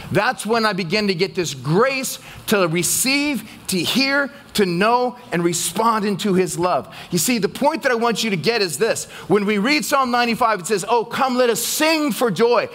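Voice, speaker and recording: High-voiced man preaching a sermon. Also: fairly bright tone. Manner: preaching with call-and-response questions to the congregation. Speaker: pastor. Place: church.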